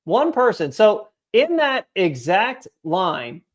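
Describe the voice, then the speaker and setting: A man's voice: high-pitched, wildly swooping pitch, slow. A young man co-hosting a sports podcast, telling rambling, profane stories full of fillers in casual chat. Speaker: podcast co-host.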